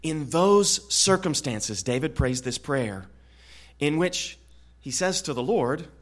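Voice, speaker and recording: A man preaching an expository sermon in an earnest way, often repeating words and growing louder on key points. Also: fairly high pitch, animated, takes it slowly. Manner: earnest, frequent word repetitions, swells louder on key points.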